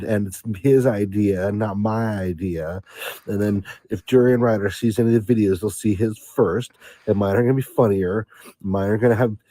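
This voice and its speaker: A mopey woman complains from her bed in a sighing, whiny drone, slow and low, as a man puts her on. The tone is dark and the sound is dry. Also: no echo. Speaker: guest doing an impression.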